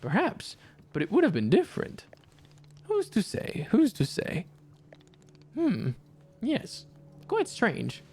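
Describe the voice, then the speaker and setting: A streamer voicing a gentle old male tea-shop worker in a game, with formal, oddly phrased speech. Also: medium pitch, huge pitch swings, slow, long pauses, husky, pitched above the performer's own voice, exaggerated voice. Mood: musing. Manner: formal, odd phrasing, refers to himself by name.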